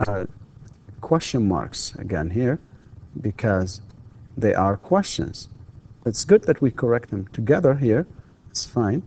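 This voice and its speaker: A man teaching a recorded university grammar lesson. He mixes explanations with English and reads slow example sentences, raising his tone sharply on the questions. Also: on the low side, gravelly, warm tone. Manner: switches between Arabic and English, slow model sentences with a rising question tone. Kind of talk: distance-learning grammar lecture.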